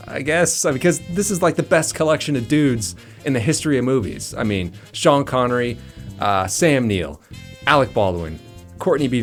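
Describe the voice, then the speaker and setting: A chatty man enthuses about a film, with a lively, bouncing pitch and frequent laughs. He leans on fillers and jokes as he rambles. Soft guitar music plays behind him. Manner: enthusiastic, jokey, laughs often, many "like" fillers. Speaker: movie reviewer. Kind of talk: casual movie review monologue.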